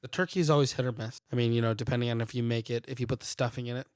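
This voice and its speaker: A man co-hosting a podcast, telling loose, rambling stories in casual chat. His voice sits at a middle pitch. The recording is dry and close. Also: racing, smooth, no echo. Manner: rambling, animated storyteller with laughs. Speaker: podcast co-host.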